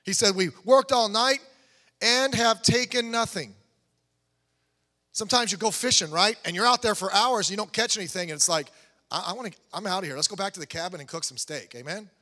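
Bright, high-voiced preaching man in a hall. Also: fast talker. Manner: animated, conversational preaching with rising emphatic peaks. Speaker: pastor. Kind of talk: sermon. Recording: long hall reverb.

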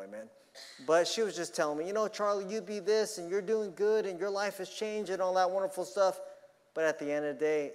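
Earnest preacher man in echoing hall. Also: a little high. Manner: earnest, swings between loud emphasis and quiet asides. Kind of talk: sermon.

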